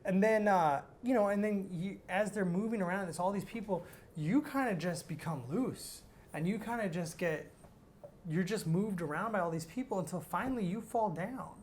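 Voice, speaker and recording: A man's voice: sits high, moderate pace, slight background noise. Man telling a rambling personal story. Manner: animated, rambling, heavy use of "like". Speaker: interview guest.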